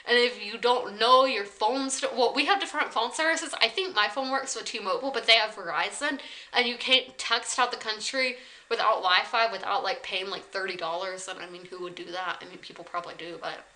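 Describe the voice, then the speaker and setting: A woman's voice: medium pitch, fairly quick, bright, forceful tone, low-quality recording. A woman in her twenties from South Carolina telling a story to the camera in a casual, rambling vlog style, full of "like" fillers. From South Carolina, USA. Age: 20s. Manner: chatty, rambling, many "like" fillers. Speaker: vlogger. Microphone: camera on tripod.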